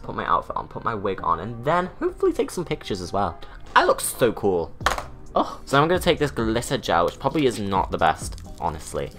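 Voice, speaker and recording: A man's voice: mid-range voice, sharp tone. A young British man and drag artist, chatting casually through a makeup tutorial with camp, self-mocking asides. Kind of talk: chatty get-ready-with-me tutorial.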